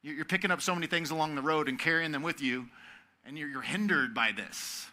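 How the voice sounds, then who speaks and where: A man preaching to young people in a very bright, sharp voice that sits a little high. He talks casually and asks the crowd to repeat words back to him. He moves between loud, emphatic stretches and hushed, quiet ones. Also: brisk. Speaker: youth camp speaker. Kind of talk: sermon.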